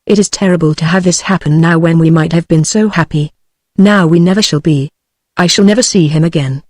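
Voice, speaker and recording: A woman's voice: fairly low pitch, a little fast, darkish tone, no room sound, studio quality, natural voice. A text-to-speech woman with a British English accent voicing a frightened young maid in a novel reading. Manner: plain synthetic reading.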